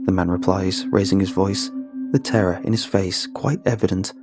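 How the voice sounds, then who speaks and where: A man giving a measured, grim first-person narration of a horror story. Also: sits low, steady tone, a little mellow. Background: background music.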